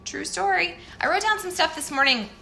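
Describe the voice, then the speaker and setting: Bright-voiced chatty woman vlogging. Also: very high voice, brisk, creaky, a little hiss or hum. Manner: chatty, candid and self-deprecating, laughs often. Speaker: fitness coach. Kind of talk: casual morning vlog chat.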